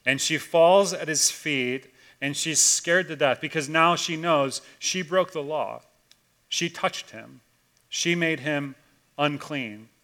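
A man, a pastor, preaching a conversational sermon and telling a story casually, swinging between loud and hushed. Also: a little high.

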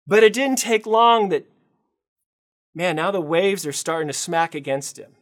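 A pastor preaching in a high, bright voice for a man. He tells the story with animated energy, surging loud on big moments and sinking almost to a hush, sometimes acting out the people in it. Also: fast. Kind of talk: sermon. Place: church.

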